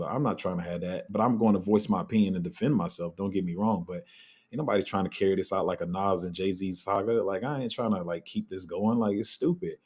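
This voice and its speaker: A man's voice: deep voice, darkish tone, slightly rough. A man hosting a casual live crypto Q&A, answering chat in a loose, candid way and trailing off while he looks things up. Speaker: crypto livestream host.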